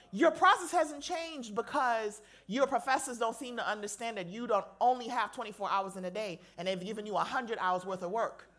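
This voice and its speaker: A woman chaplain preaching a sermon to a live audience, conversational and playful with slangy asides. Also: a little high. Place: lecture hall with an audience.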